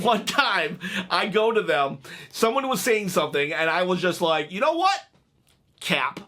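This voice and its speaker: Male reaction host, high and bright-voiced, casual and jokey. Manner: chatty, jokey, laughs at own stories. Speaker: wrestling reaction video host.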